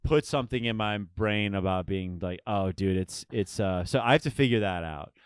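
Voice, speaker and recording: A young man talking casually on a podcast, halting and restarting often as he tells a story. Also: fairly low pitch, lively intonation, smooth, no room sound, clean studio sound. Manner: halting, full of restarts and filler. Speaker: guest.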